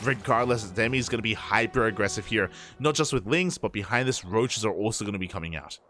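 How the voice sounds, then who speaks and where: A man casting a live game with a lowish, easygoing voice, quick to joke and laugh as he calls the action and chats with viewers. Soft music runs quietly under his commentary. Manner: lively and joking, laughs often, talks to the chat. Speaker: esports caster.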